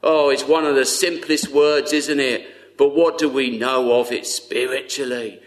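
A man delivering a sermon at an unhurried, drawn-out pace. His voice sits at an ordinary middle pitch, earnest and tender, and often falls to a soft hush. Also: steady tone. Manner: earnest, tender, slow with long pauses, often dropping to a hush. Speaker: preacher.

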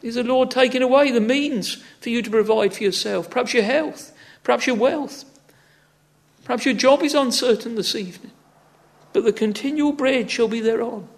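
Male preacher with a strikingly high, fry-tinged voice, earnest and exhorting in the pulpit. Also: normal speed. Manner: earnest, exhorting, with frequent "ah, friends" and "oh". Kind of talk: sermon.

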